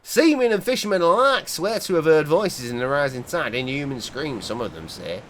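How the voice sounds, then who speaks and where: A superstitious old fisherman, put on by a man reading a game aloud. His voice sits higher and rougher, folksy and grim, full of old seaside turns of phrase. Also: animated, normal speed, slight background noise, lightly acted. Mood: wary. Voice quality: gruff, old-fashioned folksy speech. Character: weathered old male fisherman, gruff and superstitious.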